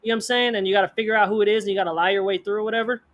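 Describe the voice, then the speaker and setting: A man co-hosting a podcast, telling a story in casual slang, animated and acting out the people in it. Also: high-pitched. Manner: fast bursts of speech, slang-heavy. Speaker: podcast co-host.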